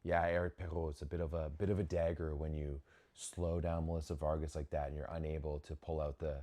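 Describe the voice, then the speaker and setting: This young man's voice is very low and his pace brisk as he narrates a match live in a relaxed way. Excited outbursts come out of nowhere, and he often starts his sentences over, much like a host talking over the game.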